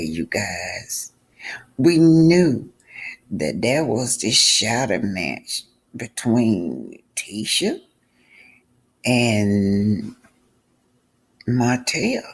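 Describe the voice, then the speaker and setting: A man's voice: on the low side, slightly rough. A man giving casual vlog commentary on a reality show, talking straight to his viewers and repeating points for emphasis.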